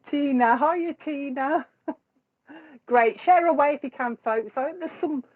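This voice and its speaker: With a high voice and a measured pace, a woman acting as a psychic medium chats casually with viewers on her live stream, often laughing between remarks. The recording has a tinny, phone-like quality.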